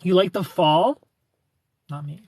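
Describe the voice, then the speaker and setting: A man's voice: high-pitched, slow pace, a little mellow, husky, no echo. A man hosting a casual livestream, greeting viewers and answering their comments in a playful, teasing, flirty way.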